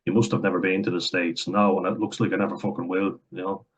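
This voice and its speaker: A man's voice: sits low, little pitch movement, fast talker, slightly rough, low-quality recording. A young Irish man with a blunt, sarcastic, sweary way of talking, reacting to comments in casual commentary. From Ireland.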